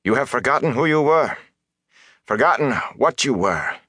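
A man voicing a commanding woman sorceress, speaking quietly but sternly. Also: mid-range voice, animated, normal speed, dry recording, pitched above the performer's own voice.

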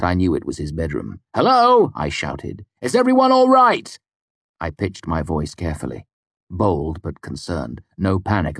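A man narrates a first-person audiobook in a deep, low register, measured and quietly wry. The recording is close and dry, with no room sound.

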